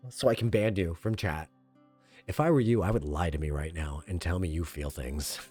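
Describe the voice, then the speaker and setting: A man streaming a game, chatting in an excitable, rambling, self-mocking way from a home setup. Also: deep voice, normal speed, slightly rough, dry recording, faint music behind. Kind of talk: casual game stream commentary.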